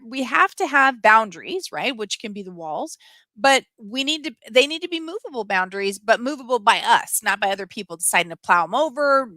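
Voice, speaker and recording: A woman's voice: on the high side, dry recording. A middle-aged woman hosting a live stream, talking casually and emphatically as she reads viewers' comments. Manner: emphatic, opinionated, animated.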